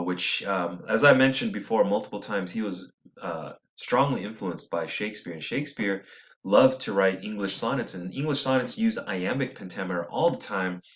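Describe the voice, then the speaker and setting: A man with a lowish voice gives an unhurried poetry lesson. He reads the verse slowly, beat by beat, and pauses to correct himself as he goes along. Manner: unhurried, thinking aloud with fillers and self-corrections. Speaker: teacher.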